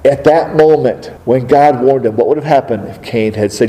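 A man preaching a sermon in a fairly high, mellow voice. He fires rhetorical questions at his listeners and acts out the voices of biblical figures. A long reverb trails behind every phrase. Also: animated, fairly quick, few pauses.

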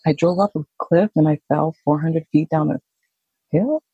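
Woman, gravelly husky voice, dry close sound, halting personal storytelling. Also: low voice, fairly even intonation, dry recording, highs cut off. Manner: slow, halting, reflective. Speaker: nurse telling her own story.

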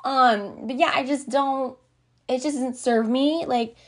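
A woman's voice: high voice, fairly even intonation, slow pace. A woman hosting a podcast, talking casually and rambling with frequent "like"s, light laughs and quoted asides. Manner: chatty, rambling, peppered with "like" and laughs; acts out her own reactions in quoted asides. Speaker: podcast host. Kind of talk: casual conversational monologue.

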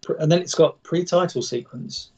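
A man's voice: on the high side, moderate pace, a little mellow, a little hiss or hum. A man casually chatting and reading an old script aloud, stumbling over words and laughing at his own slips. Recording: dull lo-fi sound.

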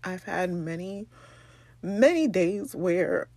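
Tearful husky New woman. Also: fairly low pitch, expressive, a little mellow, dry recording. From the Bronx, New York. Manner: emotional, halting, many ums. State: tearful, crying. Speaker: podcast host. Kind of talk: personal podcast monologue.

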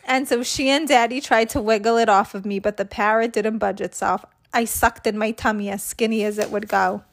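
A woman's voice: a little high, steady tone, brisk. A woman hosting a children's read-aloud, narrating a storybook. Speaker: host, reading to children.

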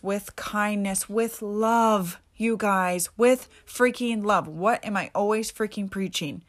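A woman hosting a solo motivational podcast, talking in an emphatic, casual way with mild swearing. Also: medium pitch. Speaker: podcast host.

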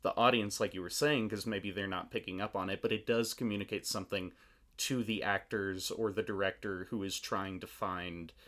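A man's voice: fairly low pitch, fairly even intonation, normal speed, a bit bright. A man interviewing a guest, affirming her answers and asking questions at some length. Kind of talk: interview conversation.

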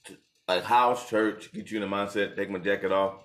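A young man casually retelling a story with his partner, animated and laughing, jumping into high voices when quoting people. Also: brisk. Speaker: co-host telling the proposal story. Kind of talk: casual couple chat.

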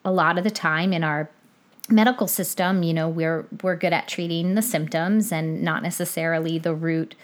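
Woman host w a low voice, chatty questions, says "you know" a lot. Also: fairly even intonation, normal speed. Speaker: interviewer host. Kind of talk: interview questions.

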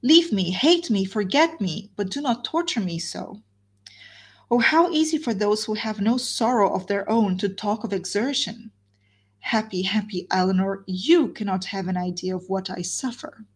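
A woman's voice: mid-range voice, moderate pace, husky, natural voice. A woman reading a novel aloud, voicing a heartbroken, wildly despairing young woman who pleads and repeats her words.

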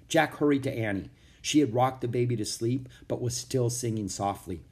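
A man reading a children's chapter book aloud in steady storytelling narration. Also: medium pitch, moderate pace, few pauses. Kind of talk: audiobook narration.

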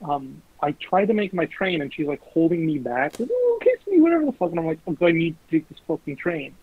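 A young man casually telling animated, sweary stories about his dating life. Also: on the high side, fairly quick. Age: young adult. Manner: animated, swearing, mimics voices in quotes. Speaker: guest. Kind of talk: casual storytelling. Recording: lo-fi phone-like recording.

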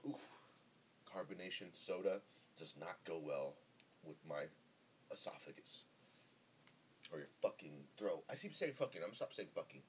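A young man from Northern California rambles through a solo podcast, laid-back and swearing freely, his voice sitting on the low side. He talks right into a close microphone, with a faint hiss running under the recording. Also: expressive, moderate pace, pauses often. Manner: rambling, profane and laid-back, with lots of fillers. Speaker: podcast host. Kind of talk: casual solo podcast monologue.

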